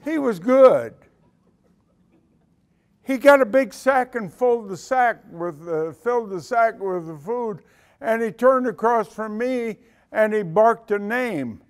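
An older man, a retired senior military leader, giving a talk as an animated storyteller who acts out the dialogue. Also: sits high, slow pace, clear, resonant tone. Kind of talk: storytelling speech to an audience.

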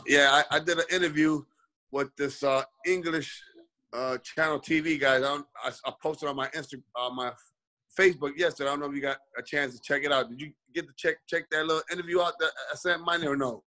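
Bright-voiced man telling a story. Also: on the high side, fairly even intonation, fairly quick, low-quality recording. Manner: rambling, many "you know" fillers. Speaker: guest boxer. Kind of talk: casual storytelling in a video-call interview. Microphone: video call.

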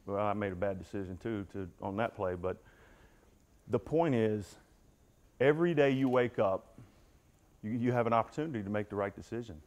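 Pausing often, this middle-aged man speaks at a moderate pace in a fairly low, somewhat dark voice. He's a motivational speaker giving a football team a frank account of his recovery, addressing everyone present directly.

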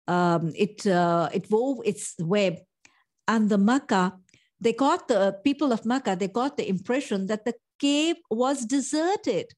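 A woman's voice: mid-range voice, a little mellow. Woman teaching a Quran lesson. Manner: explains verses with Arabic phrases, closes with rapid Arabic prayer.

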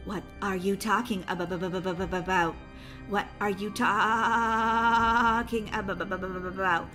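A woman's voice: mid-range voice, steady tone, measured pace, sharp tone, faint music behind. Woman voicing a glitching robot babysitter. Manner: stuttering repeated syllables like a glitch. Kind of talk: animated game movie voice acting.

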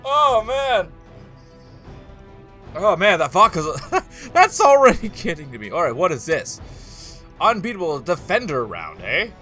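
A man hosting a gaming video, talking casually as he plays, loud and excitable, exclaiming and groaning often. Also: high-pitched, unhurried, pauses often, soft background music. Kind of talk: casual gameplay commentary.

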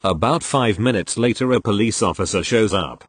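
A man's voice: lowish voice, moderate pace, breathy edge, dry recording. A man reading online forum posts aloud, spelling out abbreviations letter by letter as he goes.

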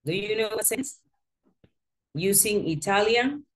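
Slow, patient Spanish-accented woman teacher. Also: medium pitch, expressive. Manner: patient, repeats and corrects slowly. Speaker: English teacher. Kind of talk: classroom teaching. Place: classroom.

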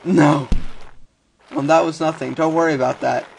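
A young man giving casual let's-play commentary, excitable, often yelping and muttering "oh dear" as he plays. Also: on the high side, moderate pace, vocal fry, slight background noise. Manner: excitable, frequent yelps and "oh dear". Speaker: gaming video host. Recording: keyboard clicks and typing behind.

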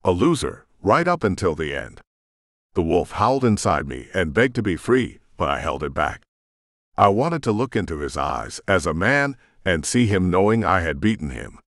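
A man narrates a first-person audiobook with tense, dramatic energy. His voice sits low and deep, and his pitch moves freely as the action builds. The recording is close and dry, with no room sound. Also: sing-song, normal speed, a bit bright, no echo.

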